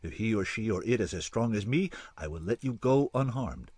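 A man's voice: lowish voice, animated, moderate pace, a little mellow, breathy edge, dry recording, clean studio sound. A man voicing a hulking, bitter male space warrior who speaks in blunt threats. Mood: menacing.

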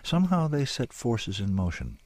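A man narrating a story in a measured, dramatic way, with drawn-out pauses. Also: medium pitch, wildly swooping pitch, a little mellow, no echo.

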